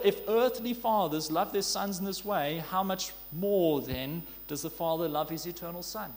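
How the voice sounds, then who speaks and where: A man preaching a sermon in an earnest way, asking rhetorical questions and drawing out key words slowly. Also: high-pitched. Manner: earnest, rhetorical questions, slow emphatic stresses. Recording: long hall reverb.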